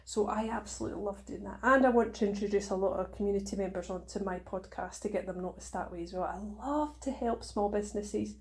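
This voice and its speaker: A woman's voice: medium pitch, a little mellow. A woman hosting her own podcast, talking to listeners in an earnest, encouraging and emotional way. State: tearful at times. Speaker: podcast host. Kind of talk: motivational podcast monologue.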